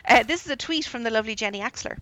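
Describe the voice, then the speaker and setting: A woman's voice: on the high side, animated, very fast, sharp tone, slight background noise. A woman co-hosting a casual podcast chat, reading listener emails aloud with teasing asides and frequent laughs.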